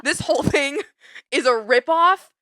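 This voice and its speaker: A woman's voice: high-pitched, measured pace, pushed and bright, no room sound. A woman co-hosting a podcast, angry and ranting in casual chat, swearing and laughing, on a close microphone. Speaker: podcast co-host.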